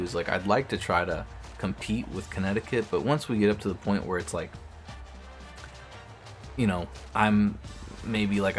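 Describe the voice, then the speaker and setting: A young man with a deep, low voice talks his way through a football video game, thinking aloud, cursing and breaking off mid-sentence. Faint music plays quietly behind him. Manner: talks to himself while playing, swears often, restarts sentences. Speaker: streamer. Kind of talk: casual gameplay commentary.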